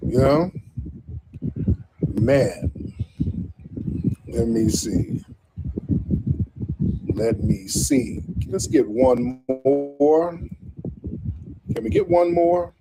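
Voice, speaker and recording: A man's voice: medium pitch, animated, extremely slow, vocal fry, pauses often, noisy background. A man hosting a casual live-stream show, talking in a slangy, rambling way and repeating himself.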